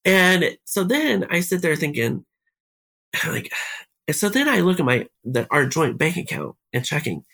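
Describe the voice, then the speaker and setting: A man's voice: on the high side, lively intonation, measured pace, gravelly, pushed and bright. A man, a podcast guest, telling a personal story step by step and quoting each exchange.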